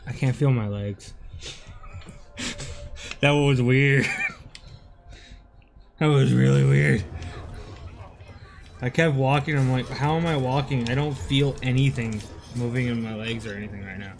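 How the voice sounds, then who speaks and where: A man streaming a video game with a friend, cursing, yelling at enemies and giggling through rambling asides. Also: medium pitch, a little slow, creaky, long pauses, a little hiss or hum. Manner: excitable, yells and curses at the game. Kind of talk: casual gaming stream chat.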